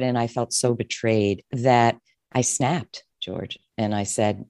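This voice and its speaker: A middle-aged woman, a therapist and coach, telling her own story in an interview, expressive and emotional, often restarting her sentences. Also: very deep voice, normal speed, dry recording, studio quality.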